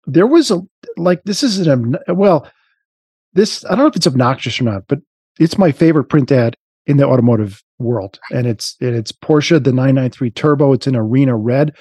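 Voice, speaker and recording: A man's voice: medium pitch, lively intonation, normal speed, warm tone, slightly rough, dry recording, clean studio sound. A man co-hosting a podcast in casual chat, rambling with many restarts and fillers.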